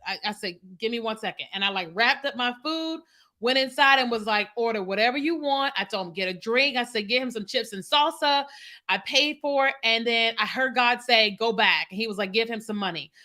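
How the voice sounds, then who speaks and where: A bright-voiced woman in her thirties talks to her livestream viewers as a business coach. Her pitch sits a little high, and she keeps checking in with "you know what I mean?" The delivery is loose and conversational, spoken into a computer mic. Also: moderate pace. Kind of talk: casual livestream chat with viewers. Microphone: computer mic on a streaming setup.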